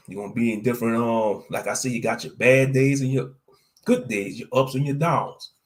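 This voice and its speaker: Reading scripture aloud before riffing on it, a male online commentator delivers religious commentary over a livestream. His voice sits in the mid range with a darkish tone, and his slang-heavy, preachy delivery repeats lines for emphasis.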